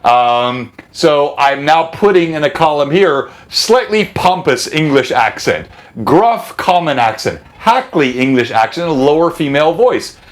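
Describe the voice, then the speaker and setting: Hosting a live stream as game master, a man chats casually in a slightly high, animated voice at a somewhat slow pace. He often interrupts himself and laughs a lot.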